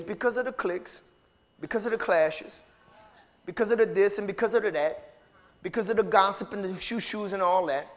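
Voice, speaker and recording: A pastor with a notably high-pitched voice, preaching in a call-and-response style. He drops to low murmurs and builds to ringing shouts as he calls on the congregation to answer. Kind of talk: sermon.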